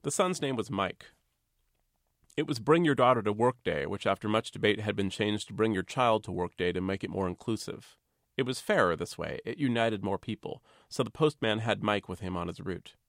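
A man, the author, reading a chapter of his novel aloud in a measured, wry, understated way. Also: on the low side, dry recording, studio quality. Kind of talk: literary reading.

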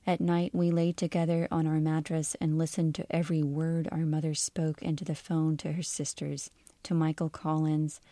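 A woman author reading aloud from her own literary fiction in a measured, even storytelling manner. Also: deep voice, creaky, no room sound.

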